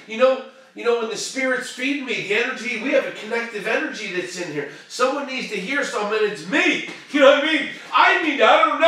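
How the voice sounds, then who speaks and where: A man hosting a show and giving a fervent, preachy motivational pep talk that swings from shouting to hushed tones. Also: very high-pitched, very echoey, recorded from a distance. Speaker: motivational live-stream host.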